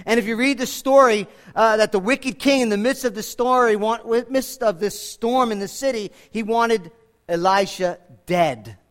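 A man's voice: sits high, normal speed, fairly bright tone. A man preaching a sermon, repeating himself and restarting phrases, lifting his voice when he quotes scripture. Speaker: pastor.

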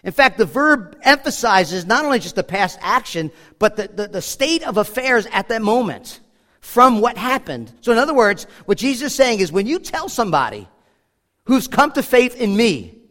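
High-voiced pastor preaching in a reverberant hall. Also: male voice, big pitch swings, normal speed, sharp tone. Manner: earnest, conversational, with frequent restarts. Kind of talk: sermon.

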